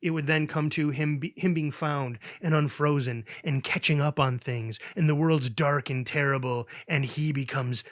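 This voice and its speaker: Halting man co-hosting a comedy chat. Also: on the high side, fairly even intonation, dry recording, clean studio sound. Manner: halting, many fillers and restarts. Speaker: podcast co-host.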